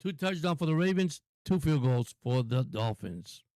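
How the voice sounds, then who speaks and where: A man calling a football game play-by-play for a live stream in a casual, excitable, chatty way. His voice is mid-pitched and dry, close to the mic. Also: normal speed, no room sound. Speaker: sports stream host.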